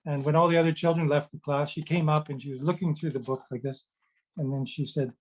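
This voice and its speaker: A man's voice: a little high, fairly even intonation, fast talker, rough recording. Man telling rambling stories on a video call. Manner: rambling, warm anecdotes with many fillers and restarts. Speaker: children's book author and meditation host. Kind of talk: casual storytelling chat.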